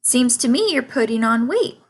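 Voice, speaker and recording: A woman's voice: a little high, very animated, normal speed, slightly rough, voice pushed up. A woman voicing a blunt, gossipy old female sheep while reading a storybook aloud. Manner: blunt, matter-of-fact.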